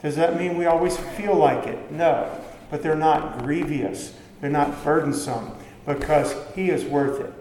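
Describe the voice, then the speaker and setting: A man's voice: on the high side, unhurried, darkish tone, a little hiss or hum. A man preaching a sermon in a conversational way, asking the listeners questions and answering them himself. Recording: echoey hall with faint background ambience.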